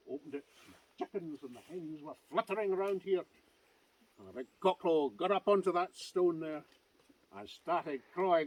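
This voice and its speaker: A Scottish man tells an old local legend in the open air, his voice lively and rising and falling freely. He talks in a chatty way, with asides to his listeners. A faint outdoor noise sits behind him. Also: on the high side, low-quality recording. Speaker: clan society vice president. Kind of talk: outdoor folk storytelling. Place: outdoors by a standing stone.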